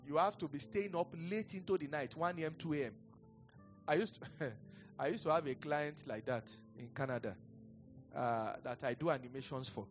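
High-voiced Nigerian pastor preaching. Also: male voice. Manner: conversational, digressive storytelling with chuckles. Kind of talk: preaching a sermon. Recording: dull lo-fi sound with faint music.

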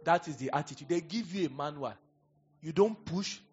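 A man with a Nigerian accent preaching a sermon, telling stories and swinging from quiet asides to loud exhortation. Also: on the high side, moderate pace, breathy edge, highs cut off, faint music behind. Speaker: pastor.

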